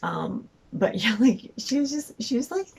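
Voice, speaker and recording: Young woman, casual storyteller: deep, fry-edged voice, lively up and down, rambling. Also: a little slow, low-quality recording. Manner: rambling, many fillers and restarts, laughs often. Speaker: mother telling a story.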